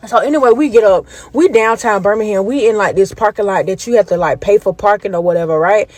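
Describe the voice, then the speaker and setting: A woman's voice: mid-range voice, fast, a little mellow, no room sound. A woman telling a story time, animatedly retelling events and acting out the voices of the people in it.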